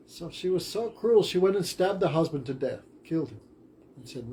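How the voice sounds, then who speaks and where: A man's voice: on the high side, expressive, moderate pace, a little mellow. Brief: male teacher, storytelling in class, plain and simple, light background noise. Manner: simple, short-phrased retelling.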